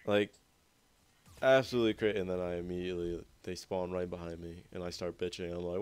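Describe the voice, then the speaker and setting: Young guy talking over his match footage, kinda low voice, real clean sound, cusses constantly. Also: brisk, smooth. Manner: rambling, swears a lot, self-mocking. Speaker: gameplay commentator. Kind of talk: casual gameplay commentary.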